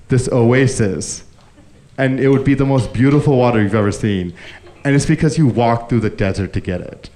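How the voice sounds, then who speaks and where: Animated man doing stand-up. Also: mid-range voice. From grew up Indian. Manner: animated storytelling, acting out characters. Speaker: stand-up comedian. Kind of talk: live stand-up set. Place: live comedy stage with audience. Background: audience laughter.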